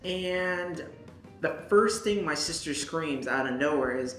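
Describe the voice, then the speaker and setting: A young adult woman vlogger telling a story in an animated, casual way, swearing and talking straight to the viewer. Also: sits low, slow pace, faint music behind. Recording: echoey room.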